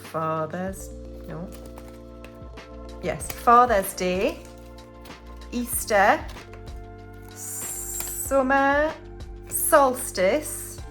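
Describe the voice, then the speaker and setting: British woman, budgeting vlog host, slightly high voice, chatty, counts money aloud, faint music behind. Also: big pitch swings, extremely slow, pauses often, a bit bright. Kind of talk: casual cash-stuffing vlog.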